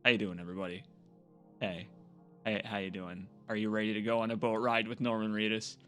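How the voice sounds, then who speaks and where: A man chatting casually and excitedly to his viewers as a game streamer, rambling and joking. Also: fairly low pitch, fairly quick, soft background music. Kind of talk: casual live-stream chat.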